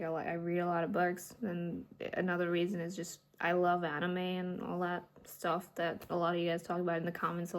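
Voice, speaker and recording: A woman's voice: on the low side, vocal fry. A young woman from India with a mixed, partly Indian accent, chatting casually to her channel late at night and laughing often. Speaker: vlogger.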